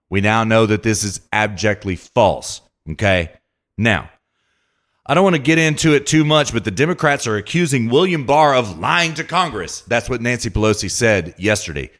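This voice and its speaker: A man with a somewhat low voice delivers a podcast monologue, reading news passages aloud and breaking off to comment with emphasis. He talks straight to his listener and leans on repetition to drive his points home. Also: lively intonation, moderate pace, a bit bright. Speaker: podcast host.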